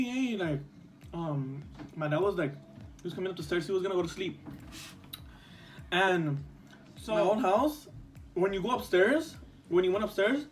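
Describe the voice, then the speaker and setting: A young man telling a storytime vlog story in casual chat, rambling with lots of fillers and a few Spanish words. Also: high voice. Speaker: vlogger.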